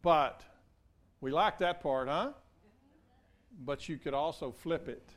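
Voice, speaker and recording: A man's voice: a little high, slow. A male pastor preaching a sermon in an earnest way, repeating key phrases and speaking straight to his congregation.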